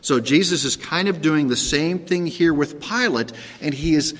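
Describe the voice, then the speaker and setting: A man's voice: normal speed, long reverb tail. A man preaching a sermon in a conversational way, checking in with "okay?" and sometimes acting out the quoted characters. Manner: acts out Pilate's sarcastic lines in a higher voice. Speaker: pastor.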